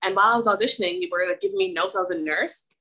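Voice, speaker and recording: A woman guest on a podcast, chatting casually and telling stories in an effusive, animated way. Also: medium pitch, very fast, poor audio. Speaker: guest actress. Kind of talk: casual chat.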